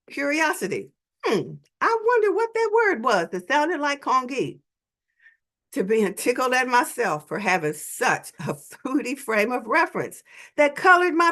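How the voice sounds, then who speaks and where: A woman tells a story to an audience in a dramatic, animated way. Her voice sits a little high and swoops widely in pitch, with vivid emphasis. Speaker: invited speaker. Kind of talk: storytelling talk.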